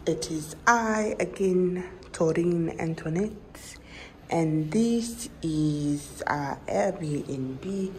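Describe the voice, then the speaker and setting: A prim, theatrical lady, put on by a woman vlogger, tours an apartment in stiff, formal phrases with a French flourish. She speaks slowly in a lowish voice. A steady hiss of background noise runs under her. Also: poor audio. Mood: haughty. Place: rented apartment indoors.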